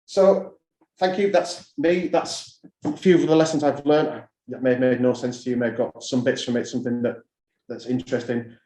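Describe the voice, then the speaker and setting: Speaking to other heads at a conference, a middle-aged school leader shares stories casually and stresses key points by repeating them. His voice is medium-pitched and mellow, with fairly even intonation at a moderate pace, heard in a roomy school hall or conference room.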